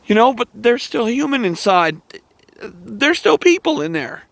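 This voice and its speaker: A man hosting his own channel, delivering a heated, emotional monologue to camera, swearing often and pausing to sigh. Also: very high-pitched, big pitch swings, vocal fry, fairly bright tone, no echo. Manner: angry, profane ranting with sighs and restarts. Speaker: channel host.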